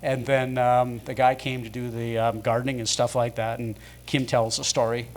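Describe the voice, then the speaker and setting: A man's voice: mid-range voice, level tone, normal speed. A man telling casual anecdotes as a guest at a live show in a pub, rambling, with many fillers.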